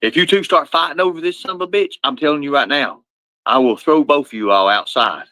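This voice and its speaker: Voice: mid-range voice, a little fast, sharp tone, poor audio. A livestreamer, talking casually and profanely while scolding pets. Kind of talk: casual live-stream chat.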